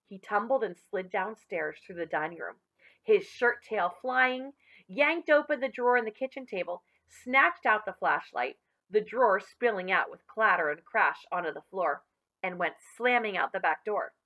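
A woman teacher reading a chapter book aloud to children, expressive and addressing them directly. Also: mid-range voice, moderate pace. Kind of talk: children's story read-aloud.

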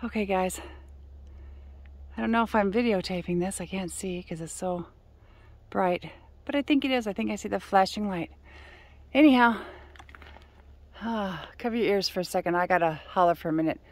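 A woman talking casually to her phone camera outdoors while hiking uphill, out of breath and rambling. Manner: rambling, calls her dog in high shouts. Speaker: vlogger. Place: outdoors on a hill trail.

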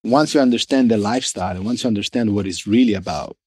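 A low-pitched man speaks in a relaxed, conversational way, often stopping and restarting as he gropes for the right phrase. The room sound is dry and close, with no echo. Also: slightly rough. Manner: halting, searching for words, many restarts. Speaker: guest, brand founder. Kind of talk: casual conversation.

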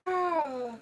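A woman's voice: sits high, vocal fry, slightly rough. A young woman vlogging casually in a face mask, giggling often as she reacts to a movie and to comments from her chat. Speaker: beauty vlogger.

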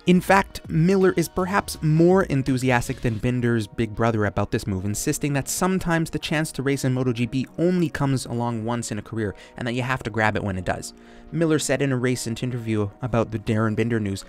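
A man's voice: mid-range voice, fairly quick, soft background music. Joking male motorsport channel host. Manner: joking, sarcastic asides. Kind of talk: scripted casual commentary.

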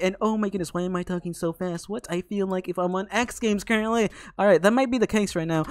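A young man giving excitable, jokey live commentary over a game, teasing the players he fights. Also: high voice, quick pace, smooth, no echo. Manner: excitable, jokey, talks to opponents. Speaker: gaming YouTuber.

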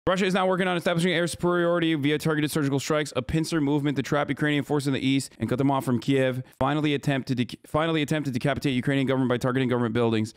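A male streamer talking close to a desk mic, swearing and reacting in disbelief. His voice is smooth and resonant, and the sound is dry. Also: mid-range voice, steady tone, dry recording. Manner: profane, incredulous, rapid-fire reactions. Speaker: streamer reacting to live news. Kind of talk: live stream commentary.

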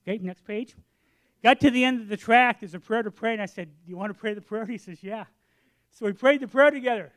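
A man in his sixties delivering a sermon, his voice sitting high. He tells stories with energy and acts out both sides of a conversation. Then he settles into a quieter, earnest tone for the point he is making. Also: fast. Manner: drops to a quiet, earnest tone for the lesson. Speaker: preacher. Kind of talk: sermon with storytelling.

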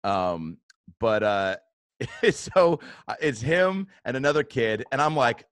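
Speaking slowly with big swings in his medium pitch, a man hosts a podcast and relaxes into telling a story. He swears a lot, acts out quotes, and laughs often, all captured in studio-quality audio with no room sound.

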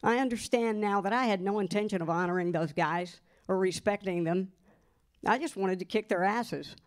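A woman reading a first-person memoir aloud to an audience, expressive and lively, giving the quoted lines their own voices. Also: medium pitch. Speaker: guest reader.

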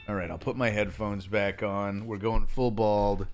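A man's voice: lowish voice, fairly even intonation, unhurried, few pauses. A man streaming from his home office, casually joking and thanking his chat.

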